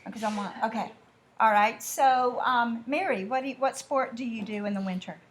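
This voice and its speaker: A woman teaches a class in a slightly high voice. She talks in a chatty way and acts out little exchanges to make her point. Faint classroom ambience sits behind her. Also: a little hiss or hum. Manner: chatty, with drawn-out asides and mimicked dialogue. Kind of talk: classroom lesson.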